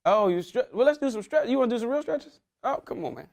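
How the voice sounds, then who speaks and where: A man's voice: extremely high pitch, lively intonation, fast talker, creaky, a little mellow. A man giving a motivational talk, quizzing his young audience in casual slang. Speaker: motivational speaker.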